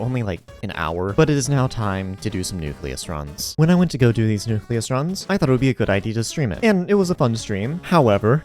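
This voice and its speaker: A man's voice: medium pitch, a little mellow. A man giving casual, self-mocking commentary over his own gameplay, with sarcastic asides. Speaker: gaming YouTuber.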